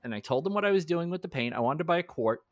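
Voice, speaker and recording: A man in his forties co-hosting a casual chat show, telling stories with lively acted-out quotes and frequent laughter. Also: a little high, rapid-fire, dry recording, clean studio sound. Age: 40s. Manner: animated storyteller, acts out quotes, laughs often. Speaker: podcast co-host.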